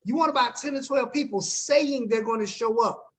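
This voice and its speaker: A man's voice: very high-pitched, normal speed. A man coaching his team on a group video call, upbeat and slangy, talking straight to the group and checking in with them often.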